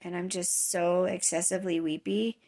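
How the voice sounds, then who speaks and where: A woman's voice: lowish voice, steady tone, moderate pace, dark tone. A woman in her thirties talking candidly in a casual personal vlog, rambling with many fillers and restarts, worn down by chronic nausea. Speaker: vlogger.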